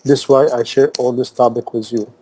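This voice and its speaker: Male preacher, emphatic sermon, non-native English, rhetorical questions, mellow dark tone, mid pitch. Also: fairly even intonation, a little fast, rough recording. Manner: emphatic, repeats phrases, fires rhetorical questions. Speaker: Islamic preacher. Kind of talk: impassioned sermon talk.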